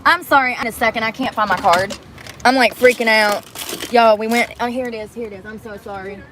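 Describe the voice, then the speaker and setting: A woman's voice: on the high side, a little fast, noisy background. Chatty, foul-mouthed woman streaming from her car. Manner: chatty, profane, talks straight to viewers. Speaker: live-streamer. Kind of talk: casual live-stream chat. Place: inside a parked car at a drive-thru. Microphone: phone camera.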